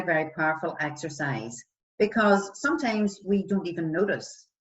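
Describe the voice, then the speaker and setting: A woman wellbeing coach guiding listeners through a self-compassion exercise, asking many questions and acting out example voices. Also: on the low side. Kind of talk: guided self-help exercise. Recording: distant, dull lo-fi sound.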